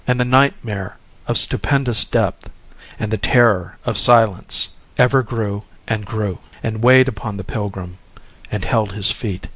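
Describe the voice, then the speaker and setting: A male narrator reads a tale in a slow, solemn, measured voice. His pitch is mid and steady, and the pace is very unhurried. The recording is dry and close. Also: no echo. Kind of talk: scripted narration, story reading.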